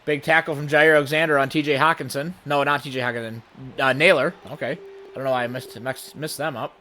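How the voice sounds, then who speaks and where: A man giving running play-by-play commentary on his own video game session, with sudden bursts of excitement. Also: medium pitch, brisk. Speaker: gaming channel host.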